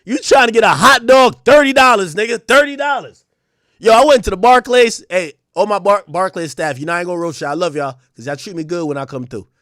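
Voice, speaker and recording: A young man with a high voice rants to his live chat in a casual, profane way. He is animated and joking, and he breaks into loud outbursts. The sound is close and dry, with no room in it. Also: fairly quick, no echo. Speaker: streamer.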